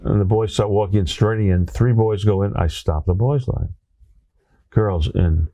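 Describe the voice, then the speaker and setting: Man, Brooklyn accent, interview guest, storytelling, low dark voice. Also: normal speed, dry recording. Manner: animated storyteller, tag questions like "right?". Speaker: guest, former teacher. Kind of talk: anecdotal storytelling in conversation.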